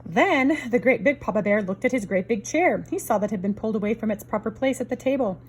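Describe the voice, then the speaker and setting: A woman reading a picture book aloud to children in an expressive storyteller's way. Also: fairly high pitch, quick pace, breathy edge. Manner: expressive, varied storyteller delivery. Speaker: storybook reader.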